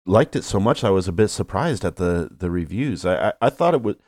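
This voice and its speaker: A man's voice: deep voice, animated, a little fast, darkish tone, no room sound, clean studio sound. A man co-hosting a film podcast, often repeating words as he gets going. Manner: repeats words as he starts sentences. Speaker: podcast co-host. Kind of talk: casual chat.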